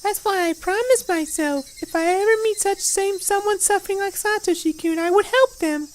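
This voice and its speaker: This low-quality clip has a woman speaking at a moderate pace with an extremely high pitch. Doing fan voice work for a game, she portrays a creepy-sweet teenage girl who menacingly stalks a scared boy in a sing-song, sugary manner.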